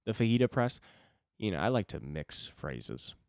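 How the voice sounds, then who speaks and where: A man's voice: fairly low pitch, big pitch swings, normal speed, creaky, no echo, clean studio sound. A man in his twenties talking alone on his own podcast, rambling, swearing and mocking himself. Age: 20s. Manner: rambling, profane, self-deprecating. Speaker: podcast host. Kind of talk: solo podcast monologue.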